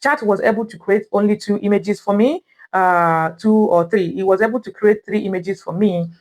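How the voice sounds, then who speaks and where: A woman's voice: medium pitch, normal speed, a little mellow. A woman with a Nigerian accent hosting a how-to tutorial, explaining each step patiently and repeating herself. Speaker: tutorial host. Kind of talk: screen-recorded how-to tutorial.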